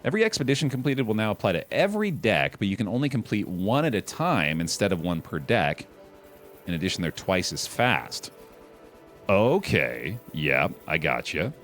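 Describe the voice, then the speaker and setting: A young man casually commenting on a card game on a live stream, chatty and relaxed, calling his chat dude and bud. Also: deep voice, normal speed, soft background music.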